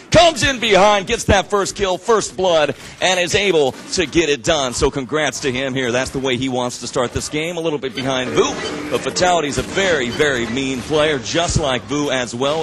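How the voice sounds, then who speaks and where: Excitable man calling esports play-by-play. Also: on the high side, noisy background. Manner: excitable, rising to shouts at big plays. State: out of breath. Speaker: esports commentator. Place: live event stage.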